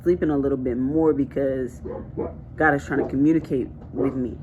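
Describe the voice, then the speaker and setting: A woman's voice: very deep voice, steady tone, normal speed, muffled recording, noisy background. Chatty, emphatic woman vlogger. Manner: chatty, colloquial and emphatic, often laughing. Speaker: vlogger sharing a prophetic word. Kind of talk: casual spiritual talk to camera.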